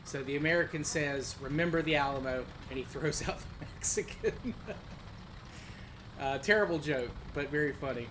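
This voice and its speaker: A man's voice: on the high side, a little fast, few pauses, background noise. A man streaming a tank game, chatting casually and telling a long rambling story with fillers. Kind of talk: casual chat while gaming.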